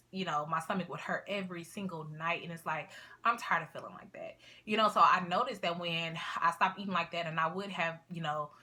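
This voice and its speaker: A young woman with a low, sharp-toned voice vlogs casually to camera, chatty and rambling. She uses lots of fillers and asides, and sniffles at one point.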